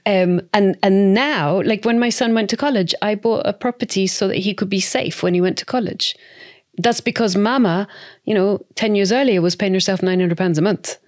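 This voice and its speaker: A woman's voice: medium pitch, normal speed, darkish tone. A woman in her forties, a guest entrepreneur chatting expressively in a podcast interview, sprinkling in endearments.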